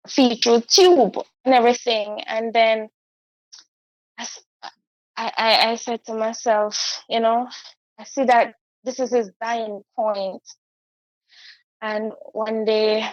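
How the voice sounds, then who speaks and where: Woman guest, fairly high voice, halting and heartfelt, dull dry lo-fi recording. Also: darkish tone, no room sound. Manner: halting, heartfelt, repeats herself. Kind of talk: personal storytelling.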